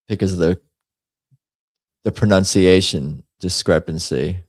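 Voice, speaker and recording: A man's voice: sits low, measured pace, long pauses, no room sound. A man hosting a casual livestream, rambling and muttering to himself as he types up a poll. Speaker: host.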